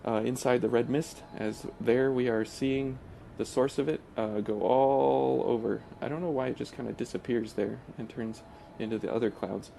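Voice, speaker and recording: A man hosting a gaming channel, talking through gameplay in a casual, hesitant way with many pauses and restarts. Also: mid-range voice, steady tone, vocal fry, warm tone, slight background noise. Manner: hesitant, full of uh fillers and restarts.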